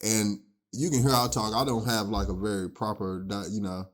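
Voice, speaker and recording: A man co-hosting a podcast in casual chat. He has a slight country twang, mumbles some, and grows louder and quicker when he makes a point. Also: on the low side, level tone. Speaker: podcast co-host.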